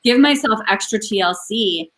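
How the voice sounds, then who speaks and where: A woman in her thirties co-hosting a casual talk, telling her story openly with lively acted-out quotes. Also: mid-range voice, normal speed, low-quality recording. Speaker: podcast co-host. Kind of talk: casual chat.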